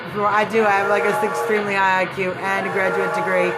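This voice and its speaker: A woman hosting a live phone stream, talking loudly in a confrontational, sarcastic political rant. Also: mid-range voice, little pitch movement, fast. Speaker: livestream host. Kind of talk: combative political livestream rant. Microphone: phone livestream.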